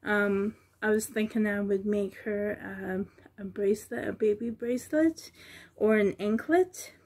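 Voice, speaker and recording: Slow, gravelly woman cooing over a doll. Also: medium pitch, fairly even intonation. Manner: soft, cooing over the doll, with many ums. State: a little out of breath. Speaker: reborn doll seller. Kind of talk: casual show-and-tell vlog. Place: at home, seated on the floor.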